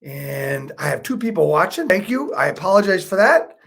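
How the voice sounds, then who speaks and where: A man with a notably high speaking voice coaches viewers through a live online lesson on building rapport. His delivery is chatty and upbeat, full of "right?" check-ins and quick self-corrections. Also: big pitch swings, vocal fry, a bit bright, husky. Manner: self-correcting, apologetic asides. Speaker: sales trainer.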